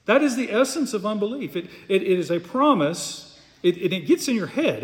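A man's voice: sits high, very animated, moderate pace. A pastor preaching an earnest, emphatic sermon, often repeating words as he goes. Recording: long hall reverb.

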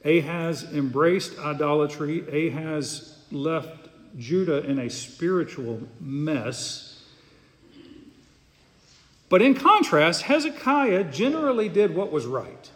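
A man's voice: fairly high pitch, animated, takes it slowly. A pastor preaching an earnest, emphatic sermon, often repeating words as he goes. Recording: long hall reverb.

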